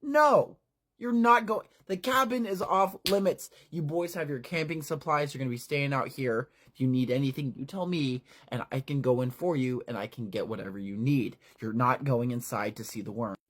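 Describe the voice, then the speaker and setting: A narrator voicing a frantic adult male scoutmaster who scolds the boys in a high, worried voice during a dramatized book retelling. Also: brisk, hardly any pauses, close to an everyday voice. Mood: alarmed scolding. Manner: shrill, scolding and overprotective.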